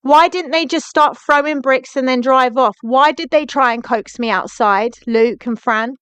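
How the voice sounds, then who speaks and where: A woman's voice: high voice, normal speed, fairly bright tone, smooth, no room sound. A young woman ranting on a live stream, firing indignant questions at viewers by name. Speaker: livestreamer. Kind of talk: angry live-stream rant.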